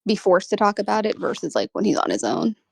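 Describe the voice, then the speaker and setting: A woman's voice: medium pitch, very animated, fast talker, vocal fry, no room sound. A woman co-hosting a reaction stream, bantering playfully and teasing. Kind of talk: casual banter.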